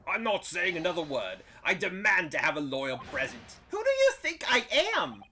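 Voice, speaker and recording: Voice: medium pitch, wildly swooping pitch, normal speed, pushed and bright, a little hiss or hum, pitched above the performer's own voice. A player reading aloud from a mystery game, voicing a melodramatic young man who is sure he is cursed and wails about it in a theatrical way. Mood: defiant. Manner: theatrical, wailing.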